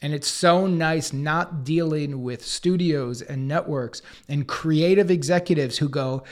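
Guy in his 40s telling a story on a podcast, acts out everyone's lines, slightly high voice. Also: a little slow, hardly any pauses. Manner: animated, acts out others' lines in quotes. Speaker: podcast co-host and guest. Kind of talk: casual storytelling chat.

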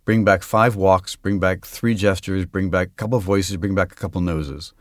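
Low-voiced man talking about acting. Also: steady tone, normal speed, no room sound, clean studio sound. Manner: reflective, explains his craft with spoken examples. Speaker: actor and guest. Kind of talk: conversational interview.

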